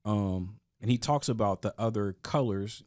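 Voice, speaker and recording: A man's voice: lowish voice, normal speed, a little mellow, no room sound, studio quality. A man talking earnestly in a casual podcast discussion, often restarting his sentences. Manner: earnest, with frequent restarts and stammers.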